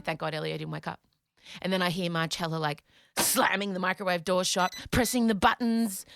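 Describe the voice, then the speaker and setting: A woman, hosting a podcast and retelling a story in an animated, dramatic way with some swearing. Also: mid-range voice, background noise. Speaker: podcast host. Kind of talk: comedic storytelling.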